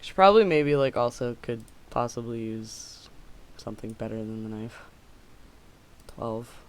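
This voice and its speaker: Excitable, swearing game streamer. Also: mid-range voice, a little slow, slight background noise. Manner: excitable, swears often, yells at enemies; chatty asides to viewers. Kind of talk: casual live gameplay commentary.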